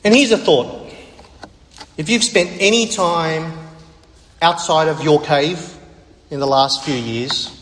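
Earnest preacher in an echoey hall. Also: male voice, a little high, slow, long pauses, fairly bright tone. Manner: earnest, emphatic preaching with repetitions. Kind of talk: sermon. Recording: echoey hall with long reverb.

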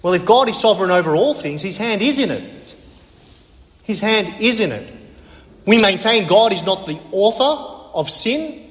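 Male preacher, high-pitched, emphatic and repetitive, big reverberant hall. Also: animated, moderate pace, long pauses, a bit bright. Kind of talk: sermon. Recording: echoey hall with long reverb.

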